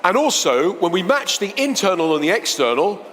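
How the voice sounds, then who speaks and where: A man giving a chatty, playful seminar talk to a live audience, swinging between soft and loud. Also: sits high, very animated, normal speed, in a large hall. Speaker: motivational speaker.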